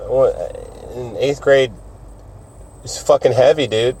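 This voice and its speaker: This podcast host talks alone in a slow, steady, medium-pitched voice that's a little mellow with a breathy edge. His chat wanders casually, full of frequent swearing and self-mockery.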